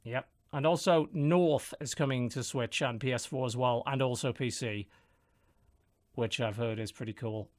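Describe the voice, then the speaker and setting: A man's voice: medium pitch, moderate pace. Dry man hosting a podcast. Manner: dry, matter-of-fact, runs the segments. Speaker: podcast host. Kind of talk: casual chat.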